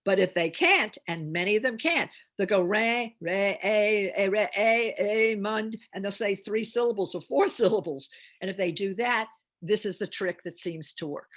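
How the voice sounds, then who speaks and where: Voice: mid-range voice, animated, normal speed, a bit bright. A reading teacher giving an instructional talk on phonics, explaining step by step with chatty asides.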